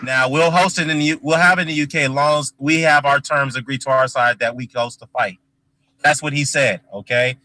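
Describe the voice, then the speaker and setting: A man hosting a boxing talk show, making his case in a measured, casual way. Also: medium pitch, fairly even intonation, sharp tone, no room sound, low-quality recording. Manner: measured, keeps repeating "take a look". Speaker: host.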